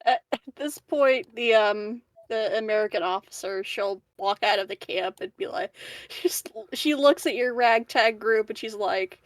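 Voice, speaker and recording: Lady game master, talks slow, keeps cracking up, high-ish voice. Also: no echo. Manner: giggly, swears casually. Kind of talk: narrating a tabletop game.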